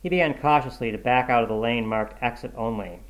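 A male narrator reads a short story in a calm, measured audiobook style. His voice sits at an ordinary middle pitch, and his storytelling stays even and unhurried. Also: poor audio.

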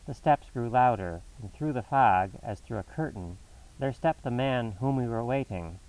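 A man reading a classic novel aloud as a narrator, in a measured, dramatic storytelling manner. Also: mid-range voice, lively intonation, darkish tone, recorded from a distance, poor audio. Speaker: audiobook narrator.

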